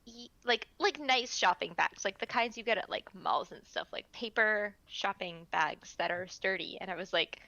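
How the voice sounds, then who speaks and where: A woman's voice: medium pitch, normal speed, hardly any pauses, bright, forceful tone, no room sound, highs cut off. A young woman chatting on a game stream, rambling with many fillers and reading game lines aloud. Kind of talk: casual game stream chat.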